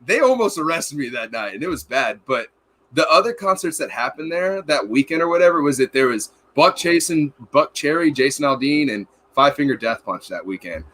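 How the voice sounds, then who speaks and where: A man's voice: fairly high pitch, lively intonation, brisk, a bit bright, a little hiss or hum. A man in casual podcast chat, rambling through rowdy military anecdotes with lots of swearing and acted-out quotes. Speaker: podcast host.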